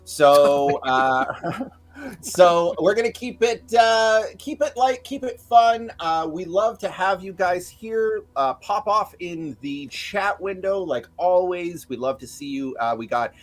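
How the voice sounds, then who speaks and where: A man's voice: sits high, expressive, slow pace. An upbeat man hosting a live tabletop game stream as game master, talking casually with many filler words. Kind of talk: casual livestream chat.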